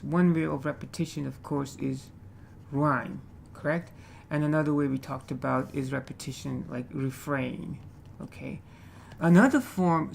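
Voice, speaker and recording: A man teaching a literature class, speaking haltingly and checking in with the students after nearly every point. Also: a little high, vocal fry, darkish tone, a little hiss or hum. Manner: hesitant, many fillers. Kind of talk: classroom lecture.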